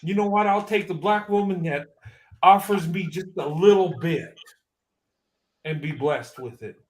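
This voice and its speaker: A man's voice: high voice, unhurried. A man in his fifties giving an emotional, emphatic personal testimony, often repeating himself. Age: 50s.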